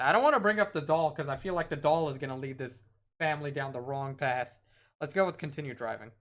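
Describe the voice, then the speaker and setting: A man's voice: fairly high pitch, quick pace, a bit bright. Man reading a horror game aloud, wry. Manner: wry asides, trips over words while reading. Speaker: streamer.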